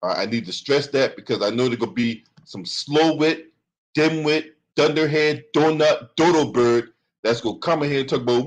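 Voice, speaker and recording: A man's voice: mid-range voice, normal speed, rough recording. A man hosting a commentary channel, reading from a lawsuit and breaking into profane, sarcastic rants.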